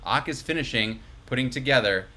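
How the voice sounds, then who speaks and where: A man's voice: medium pitch, animated, a little fast, pushed and bright. A man hosting a live comedy table read, reading stage directions with breezy asides and chuckles to the players. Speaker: host and stage-direction reader.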